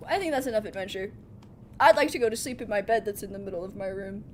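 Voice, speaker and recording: A young woman streaming a game live, excitable and chatty, often laughing and reacting to viewers. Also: medium pitch, quick pace, slight background noise. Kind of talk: live gameplay commentary.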